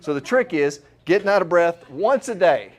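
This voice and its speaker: A man's voice: a little high, lively intonation, normal speed. A middle-aged man, a chiropractor, giving a live seminar talk to an audience in a room, conversational and full of rhetorical questions.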